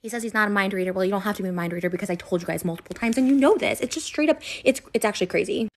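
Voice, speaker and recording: Talking rapid-fire in a mid-range voice, this woman vents to camera in an emotional, hurt rant, filled with "like", repetitions and restarts as she rambles. She's an internet personality.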